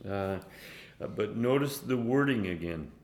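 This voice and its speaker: Man, Bible teacher, low voice, halting with fillers, chuckles, echoey room. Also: lively intonation, a little mellow.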